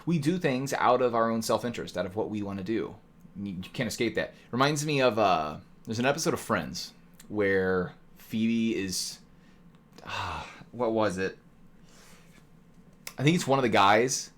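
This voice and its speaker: A man's voice: on the low side, expressive, unhurried, pauses often. Chatty man lecturing to his chat. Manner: talkative, rhetorical "right?" tags, mock voices. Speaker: streamer teaching economics. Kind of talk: casual lecture to live chat.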